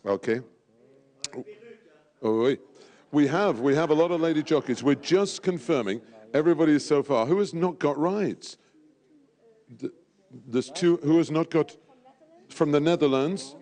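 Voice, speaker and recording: A man's voice: a little high, measured pace, long pauses, a little mellow. A man emceeing a live event, jovial and teasing, sprinkling in French phrases. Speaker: event host at a draw.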